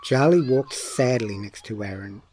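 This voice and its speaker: A man reading a children's story aloud in a slow, expressive storytelling manner. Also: fairly low pitch, slight background noise. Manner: slow, lively storybook delivery.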